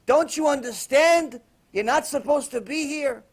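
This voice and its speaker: A man's voice: very high voice, a little slow, pitched above the performer's own voice. A man voicing a tough adult male jail inmate who questions someone bluntly and insistently, inside a spoken sermon. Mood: incredulous.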